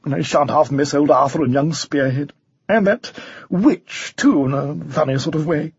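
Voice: medium pitch, normal speed, husky, no room sound. A reader voicing a clumsy, boastful male knight, indignant and self-pitying, in a storybook reading. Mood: miserable. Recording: dull lo-fi recording.

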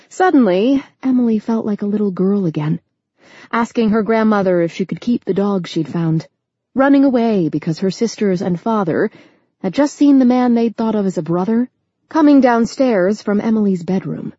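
Mellow, breathy woman narrating a novel. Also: mid-range voice, lively intonation, normal speed, dry recording, dull audio. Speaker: audiobook narrator.

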